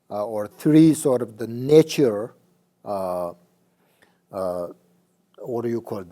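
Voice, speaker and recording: A man giving a Buddhist dharma teaching, halting with many fillers and often checking that listeners understand. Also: mid-range voice, dark tone.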